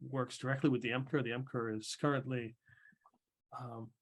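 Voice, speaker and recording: A man's voice: medium pitch, flat delivery, brisk, lightly acted. A man voicing a distracted, greedy middle-aged woman official who rambles between bites.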